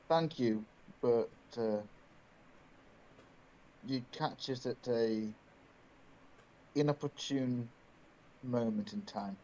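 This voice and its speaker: A man playing in a tabletop game, speaking in a slow, measured way. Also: mid-range voice, warm tone. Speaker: player. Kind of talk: in-character play. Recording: muffled, lo-fi mic.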